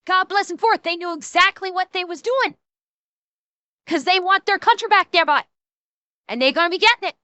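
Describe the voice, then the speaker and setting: A woman's voice: very high-pitched, a little fast, pauses often, pushed and bright, no room sound. A woman streamer ranting and swearing while reacting, stammering and repeating herself. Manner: profane, stammering, heated ranting.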